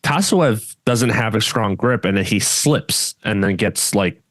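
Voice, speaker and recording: Deep-voiced blunt male podcast co-host. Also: unhurried, a bit bright, dry recording. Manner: candid, blunt, trails off and restarts mid-sentence. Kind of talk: casual podcast chat.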